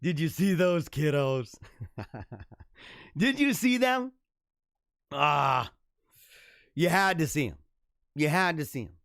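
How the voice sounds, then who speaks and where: A man's voice: on the high side, big pitch swings, slow, pauses often, fairly bright tone, dry recording, studio quality. A man hosting a livestream, talking to his viewers in an emphatic, preachy, repetitive way. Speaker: livestream host. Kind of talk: preachy motivational livestream talk. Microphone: camera mic.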